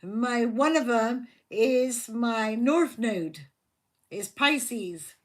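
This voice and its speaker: A woman hosting a live tarot stream, talking to her viewers in a loose, rambling way. Her voice sits a little high and she takes her time, circling back over the same points. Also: very slow. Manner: rambling, chatty, repeats herself; talks to viewers by name, affectionate. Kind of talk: casual live-stream chat.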